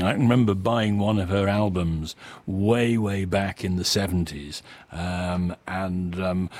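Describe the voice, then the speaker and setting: Chuckling older radio presenter. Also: male voice, on the low side, darkish tone, dry recording. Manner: rambling, self-amused, chuckling often.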